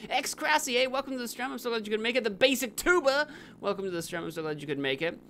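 A young man live-streaming a video game, rambling and correcting himself, with sudden excited outbursts. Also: very high-pitched, fast talker, a little hiss or hum.

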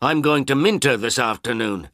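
A man voices a poor old village man who is anxious and impatient, pleading in a raised voice. He speaks at medium pitch, pitched above his own natural voice, with lively intonation, a moderate pace and a fairly bright tone. The recording is dry and studio quality.

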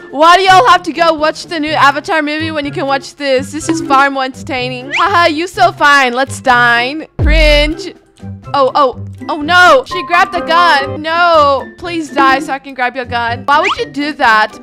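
Sassy high bright-voiced woman gamer. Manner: sassy, teasing, playful. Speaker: gaming video host. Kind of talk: let's-play commentary reading chat aloud.

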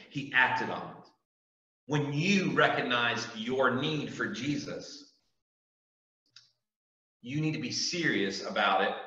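Man, youth sermon, emphatic, repetitive, bright tense tone, dull lo-fi sound. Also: medium pitch. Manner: earnest, emphatic preaching with repetition. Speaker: youth pastor. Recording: echoey room, distant mic, dull sound.

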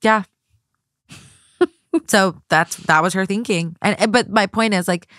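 A woman's voice: mid-range voice, measured pace, fairly bright tone, no echo, studio quality. A woman guest co-hosting a podcast in casual chat, rambling with lots of fillers. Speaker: guest co-host.

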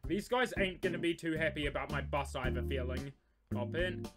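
A young man giving excitable gameplay commentary, breaking into loud yells and squealing laughter. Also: fairly high pitch, quick pace, music in the background. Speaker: gaming YouTuber.

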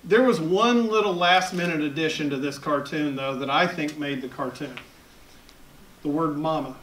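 A man's voice: on the high side, normal speed, fairly bright tone. A man in his fifties with a Southern US accent, an editorial cartoonist giving a chatty public talk, full of self-deprecating humor. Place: event hall at a library. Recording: echoey hall, picked up from far off.

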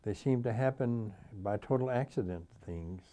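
A man's voice: medium pitch, normal speed, mellow. An older man, a poet, talking reflectively in an interview and reading his own poems aloud, repeating stanzas. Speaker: poet guest. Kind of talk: interview talk and poetry reading.

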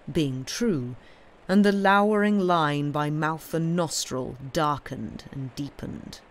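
Woman, audiobook reader, measured storytelling, classic short story, livelier lift for dialogue. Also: low-pitched. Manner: measured storytelling, voicing characters' lines with raised, livelier delivery. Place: home streaming setup.

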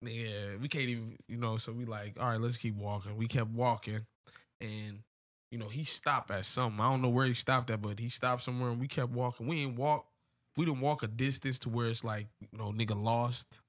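A man from telling a long story on a casual podcast, rambling with lots of fillers and slang. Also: medium pitch. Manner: rambling, many "you know" fillers, slangy. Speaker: podcast co-host.

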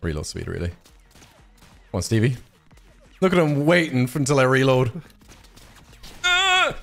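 A man's voice: mid-range voice, sing-song, moderate pace, creaky. A man streaming a game, bantering and swearing in casual chat with a friend.

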